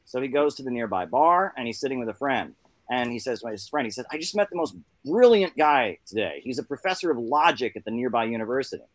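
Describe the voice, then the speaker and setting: A man's voice: mid-range voice, quick pace, no room sound. A man telling jokes and stories in casual chat, doing little voices for the people in them. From New York. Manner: animated storyteller, doing voices for characters.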